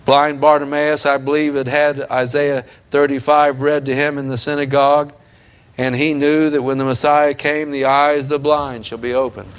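A man's voice: a little high, level tone, normal speed, clear, resonant tone. A man preaching a sermon in a fervent, emphatic way that builds in intensity.

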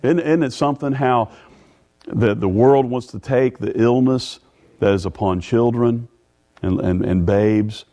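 A middle-aged man preaching a sermon in a folksy way, stumbling over repeated words and rising in pitch when reading scripture. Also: a little slow, dark tone. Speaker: pastor.

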